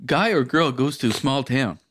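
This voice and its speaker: A man co-hosting a podcast in casual chat, retelling scenes quickly and with enthusiasm. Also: mid-range voice, expressive, fairly bright tone. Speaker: podcast co-host.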